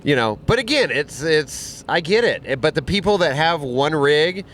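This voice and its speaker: A man's voice: on the high side, expressive, moderate pace, fairly bright tone, slight background noise. Rambling, cursing off-road veteran man. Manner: swears freely, rambling with restarts. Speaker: guest, off-roader and camp host. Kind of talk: casual outdoor podcast chat. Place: outdoor desert camp.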